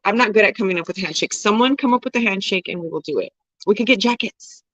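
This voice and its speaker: A woman's voice: medium pitch, fast talker, fairly bright tone, no room sound, rough recording. A woman in her forties hosting a casual livestream, reading viewer comments and chatting candidly, swearing and laughing freely. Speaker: livestream host.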